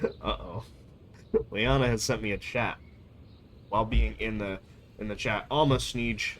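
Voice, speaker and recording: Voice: mid-range voice, a little slow, a little hiss or hum. A young adult streamer chatting casually on a live stream, in a rambling, playful way. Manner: rambling, playful, jumps between topics.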